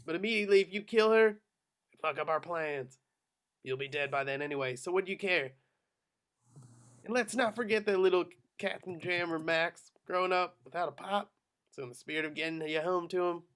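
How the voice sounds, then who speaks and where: Guy reading a drawly american officer, smooth-talking, kinda high and tense. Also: a little fast, fairly bright tone. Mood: coaxing. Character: brash American male officer negotiating. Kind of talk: amateur script reading.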